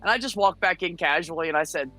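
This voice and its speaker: Brash American woman, bright forceful voice, profane storyteller, soft music under. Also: on the low side, fast. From United States. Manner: blunt, profane, animated storytelling. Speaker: guest. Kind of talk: casual storytelling on a chat show.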